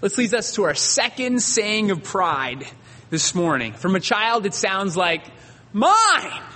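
A male pastor preaching a sermon, telling stories with dramatic pauses and drawn-out emphasis. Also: high-pitched, lively intonation, bright, forceful tone, in a large hall.

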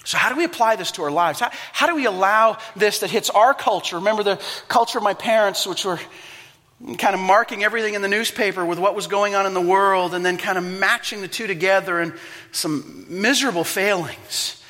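A man preaching a sermon as pastor, telling stories dramatically and swinging from hushed to loud and impassioned. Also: sits high, brisk, long reverb tail. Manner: impassioned, dramatic storytelling with wide swings in loudness.

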